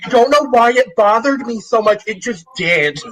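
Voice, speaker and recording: A man's voice: extremely high pitch, lively intonation, moderate pace, crowd noise, poor audio. A man co-hosting a podcast, chatting casually and frankly venting his complaints. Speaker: podcast co-host.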